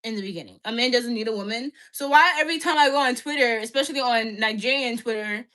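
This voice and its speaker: A woman's voice: on the high side, fast, bright, forceful tone. A young woman ranting bluntly and profanely to her livestream chat, repeating herself and filling with "like". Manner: repeats herself, many "like" fillers.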